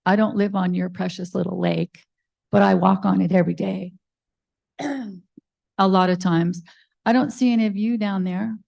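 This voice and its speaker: An older woman addresses a city board in public comment, forceful and pointed, pressing her case with earnest appeals. Her voice sits at a middle pitch, and the podium microphone catches it dry and close. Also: fairly even intonation, a little slow, vocal fry, pauses often, no room sound. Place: city meeting room.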